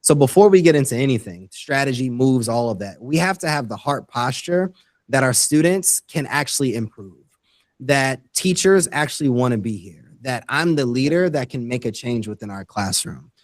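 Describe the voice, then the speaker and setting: A man's voice: mid-range voice, lively intonation, normal speed, no echo. A man who is a guest educator on a podcast interview, earnestly explaining his ideas step by step. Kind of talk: interview conversation.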